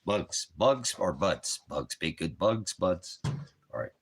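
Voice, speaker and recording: A low-voiced man with lively intonation speaks slowly, with a little hiss or hum in the audio. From home, with a dog and fire nearby, he hosts a ministry stream, rambling casually and playing with puns and rhymes.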